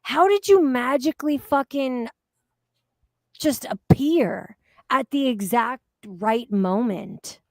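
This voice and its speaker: A woman's voice: high-pitched, slow, no echo, clean studio sound. A woman hosting a casual livestream, blunt and heated, swearing freely as she talks. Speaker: livestream host.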